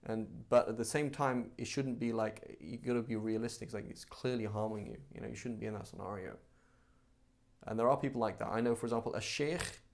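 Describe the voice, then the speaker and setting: A man's voice: mid-range voice, darkish tone. Male teacher, mid-range voice, casual chatty lecture style with lots of asides. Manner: chatty, conversational, with frequent asides and rhetorical questions. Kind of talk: casual religious class.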